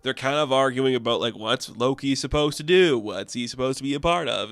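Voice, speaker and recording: A chatty man rambles through a casual comic book review, his speech loose and full of fillers. His voice is mid-pitched, smooth and clear. The sound is dry and close to the mic. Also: a little fast, few pauses, a bit bright, no room sound.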